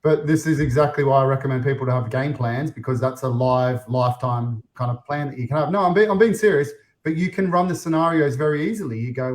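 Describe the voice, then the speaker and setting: A chatty Australian man hosts a casual podcast. His voice sits at an ordinary middle pitch, and he slips into quoting what other people say. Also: quick pace, few pauses. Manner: chatty, acts out clients' voices. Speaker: podcast host, property investor.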